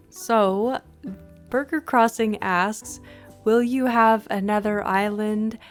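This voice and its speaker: Slow, gushing woman with soft music. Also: medium pitch. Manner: gushing, excitable, frequent exclamations; clears throat and sniffs often. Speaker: gaming video host. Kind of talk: casual gameplay commentary.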